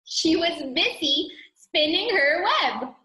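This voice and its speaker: High, lively teacher reading aloud. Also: female voice, takes it slowly. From Philippines. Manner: animated, playful, coaxing. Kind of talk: storybook read-aloud for young children. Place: home room, online class. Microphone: video call. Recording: roomy video call audio.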